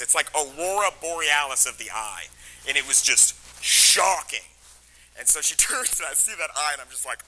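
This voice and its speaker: A man tells a comic true story with loose, rambling energy, filling it with "like" and "you know." He laughs between phrases. His voice is very bright and forceful. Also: medium pitch, rough recording. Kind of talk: comedic true-story telling.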